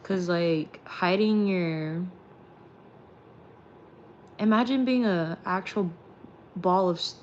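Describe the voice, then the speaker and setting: A woman's voice: on the low side, slow, long pauses, highs cut off, a little hiss or hum. A woman hosting a late-night car ride vlog, rambling in casual chat and swearing freely. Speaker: streamer and vlog host.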